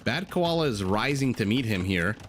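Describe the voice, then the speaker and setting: A man's voice: on the low side, animated, normal speed. A man commentating a strategy game on a live stream, calling the action and chatting with viewers between plays. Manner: chatty, reads and answers chat between play calls. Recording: audible background noise.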